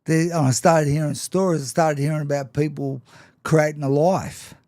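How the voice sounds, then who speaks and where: A man's voice: a little high, fairly even intonation, normal speed, warm tone, no echo, clean studio sound. A man telling his own story to an interviewer, frank and self-mocking, and often laughing as he talks. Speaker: guest. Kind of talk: personal storytelling in conversation.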